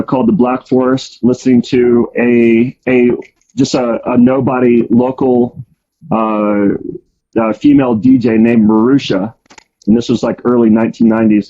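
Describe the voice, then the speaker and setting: A man's voice: mid-range voice, dark tone. A man casually telling his life story, rambling with many ums and restarts. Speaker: storyteller guest. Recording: dull lo-fi sound.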